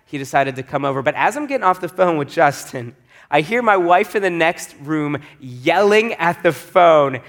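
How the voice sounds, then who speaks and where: Lively pastor, man, slightly high voice. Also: moderate pace. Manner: lively, acts out the voices in his story. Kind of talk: storytelling sermon.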